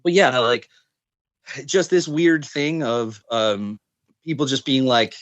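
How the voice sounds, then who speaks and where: Man, faint Newfoundland accent, fast filler-heavy podcast storyteller, dry sound. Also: medium pitch, no echo, lo-fi sound. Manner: talks fast, many fillers, tells jokes. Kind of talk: casual podcast chat.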